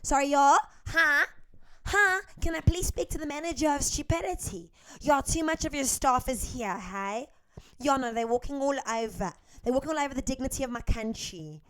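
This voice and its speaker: A woman voicing an exasperated South African woman who loudly demands to speak to a manager. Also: high voice, moderate pace, voice pushed up. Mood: indignant. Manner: loud, indignant complaining.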